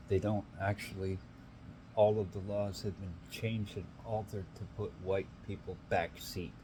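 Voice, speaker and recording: Low-voiced guy ranting on his own, swearing, repeating himself, faint hum behind. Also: little pitch movement, unhurried, dark tone, low-quality recording. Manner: profane, repetitive, emphatic. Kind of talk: rambling solo rant.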